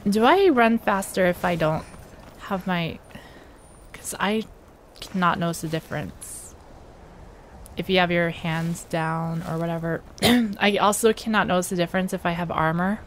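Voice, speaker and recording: A woman's voice: on the low side, unhurried, slight background noise. A woman giving casual game commentary at home, joking and impatient, talking back to the characters. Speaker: let's play gamer.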